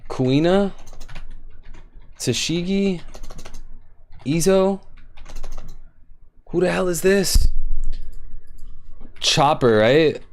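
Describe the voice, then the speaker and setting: A man's voice: fairly high pitch, lively intonation, drawn-out words, long pauses. A young man live-streaming, guessing quiz answers aloud, swearing in frustration and talking to his chat while typing.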